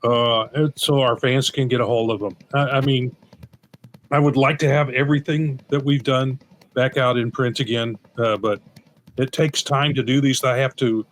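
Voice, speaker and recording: A man's voice: mid-range voice, fairly even intonation, normal speed, a little hiss or hum. A man co-hosting a podcast as the publisher, talking in an easygoing, rambling way and often correcting himself mid-sentence. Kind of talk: casual chat.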